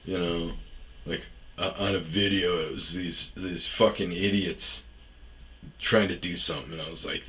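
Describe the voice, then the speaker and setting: A man's voice: low voice, steady tone, normal speed, a bit bright. A man telling a rambling personal story in a casual, profane monologue, raising his voice when he mimics other people. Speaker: storyteller host.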